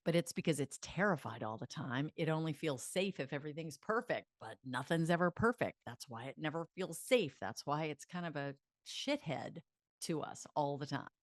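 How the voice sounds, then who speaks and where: Woman, self-help coach, deep voice, lively chatty delivery, dry close sound. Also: normal speed, no room sound. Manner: animated and chatty, laughs often, leads mantras aloud. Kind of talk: motivational self-help teaching to camera.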